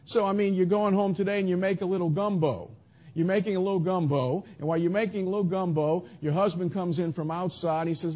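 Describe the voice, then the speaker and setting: A man's voice: high-pitched, husky. A man preaching a sermon in an emphatic style, asking rhetorical questions and answering imagined objections. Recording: tinny phone-like audio.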